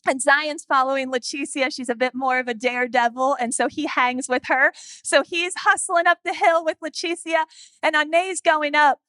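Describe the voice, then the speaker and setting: Casting: woman pastor, 30s, high bright voice, animated storyteller, dry close sound. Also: normal speed, no echo. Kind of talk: sermon with personal story.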